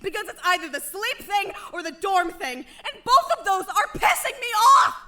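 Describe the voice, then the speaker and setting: A woman voicing a shrill furious student. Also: sing-song, normal speed, exaggerated voice. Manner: shouting, swearing, furious. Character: hot-headed reckless student. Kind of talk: fan audio drama acting.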